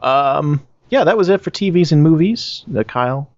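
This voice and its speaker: A man's voice: fairly high pitch, animated, normal speed, no echo, dull audio. A man hosting a podcast, chatting casually and making wry jokes. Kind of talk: casual chat.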